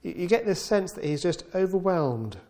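Male preacher with a fairly high, very expressive voice; repeats key words and acts out pleas. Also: moderate pace. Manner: animated, voices the psalmist's pleas in a raised pleading tone; repeats key words for emphasis, occasional stumbles. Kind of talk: sermon.

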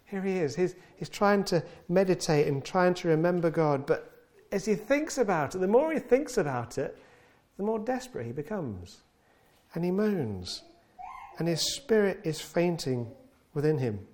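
Male preacher with a fairly high, very expressive voice; repeats key words and acts out pleas. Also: moderate pace. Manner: animated, voices the psalmist's pleas in a raised pleading tone; repeats key words for emphasis, occasional stumbles. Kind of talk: sermon.

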